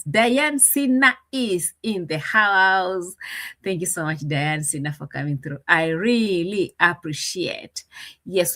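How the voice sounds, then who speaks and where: A woman's voice: lowish voice, a bit bright. A woman hosting a live reaction stream, chatting casually and laughing as she greets viewers by name. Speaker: reaction channel host.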